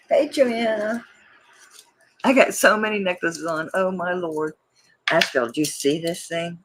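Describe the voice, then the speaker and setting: Chatty woman with a lively, bouncing pitch. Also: a little slow, noisy background. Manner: chatty, rambling, laughs often. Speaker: jewelry seller hosting a live auction. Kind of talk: casual live-stream selling chat.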